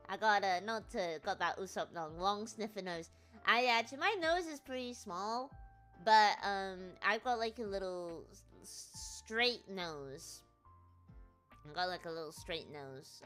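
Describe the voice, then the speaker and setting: A woman's voice: on the low side, bright, forceful tone. A woman VTuber streamer telling a travel story in rambling, chatty casual talk, laughing often at herself. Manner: rambling, chatty, self-deprecating with frequent laughs.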